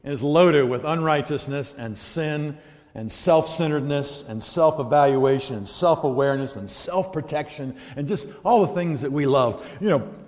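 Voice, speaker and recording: A man preaching a sermon as pastor, animated, swinging from loud emphasis to quiet asides. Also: on the high side, normal speed. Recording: long hall reverb.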